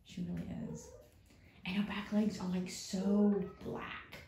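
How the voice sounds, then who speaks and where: Woman cat breeder, casual cooing chat, gravelly low voice, roomy echo. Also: little pitch movement, takes it slowly, dark tone. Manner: chatty, cooing, trails off and forgets names. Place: indoor room at home cattery. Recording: roomy echo, faint noise.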